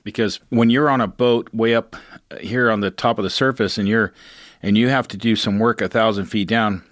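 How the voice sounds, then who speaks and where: A middle-aged man, a fisherman, telling his own story in a casual, animated interview, laughing and leaning on "you know.". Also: lowish voice.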